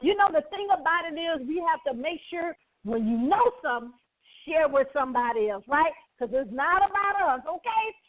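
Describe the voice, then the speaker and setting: A woman's voice: sits high, animated, normal speed. A woman with a Southern US accent hosting an inspirational radio show, exuberant and preacherly, tossing call-and-response questions to her listeners. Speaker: radio host. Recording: tinny phone-like line.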